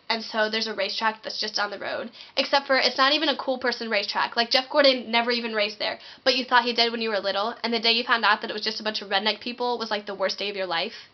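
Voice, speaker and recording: A young woman in her late teens doing a chatty comedic rant to camera, full of "like" and acted-out quotes. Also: fairly high pitch. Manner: chatty, lots of "like", acts out quoted voices. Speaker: vlogger. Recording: muffled lo-fi recording.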